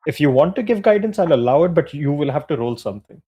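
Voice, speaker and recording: A man's voice: on the high side, expressive, fast, mellow, husky. A young man narrating as game master in a tabletop game, casual and full of fillers, often laughing.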